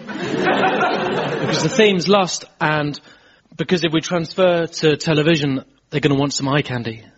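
A man, a poet guest on a comedy show, bantering deadpan. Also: on the high side, a little slow, a faint crowd. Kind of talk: comic banter. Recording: dull radio recording with loud audience.

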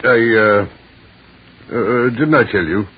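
An actor playing a pompous, blustering lord who sputters and stammers, in an old radio play. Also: male voice, medium pitch, unhurried, slightly rough. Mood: flustered. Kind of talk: 1930s radio drama acting. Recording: muffled old radio recording.

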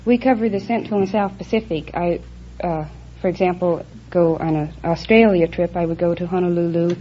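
A woman's voice: on the low side, steady tone, moderate pace. A woman, an airline stewardess, answering a quiz host's questions politely and plainly. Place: radio studio with audience. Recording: dull old broadcast recording with faint hiss.

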